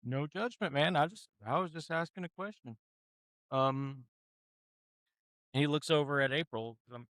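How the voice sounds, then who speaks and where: A man's voice: on the high side, unhurried, long pauses, a bit bright, no echo. A man running a tabletop game as game master, talking in a rambling, hesitant way with lots of fillers.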